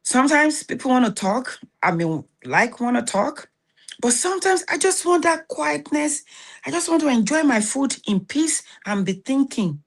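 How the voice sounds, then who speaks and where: A woman's voice: high voice, big pitch swings, normal speed. Blunt Nigerian woman giving self-help advice. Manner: blunt, scolding advice with rhetorical check-ins. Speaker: host. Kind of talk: motivational self-help talk.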